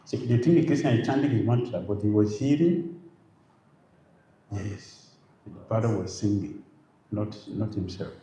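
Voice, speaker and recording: Monk man preaching, keeps repeating himself and asking questions, mellow voice, echoey room with a faint hum. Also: lowish voice, a little slow, long pauses. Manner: emphatic, repeats phrases, fires rhetorical questions. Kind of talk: devotional lecture. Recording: roomy, faint background noise.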